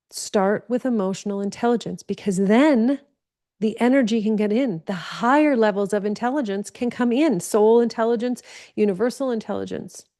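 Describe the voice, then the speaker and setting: A woman's voice: mid-range voice, warm tone. A woman giving an earnest spiritual teaching talk, stressing points by repeating phrases.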